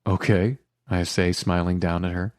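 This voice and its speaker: A man narrating a first-person romance audiobook in a quiet, intimate and measured way. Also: low voice, level tone, no room sound, studio quality.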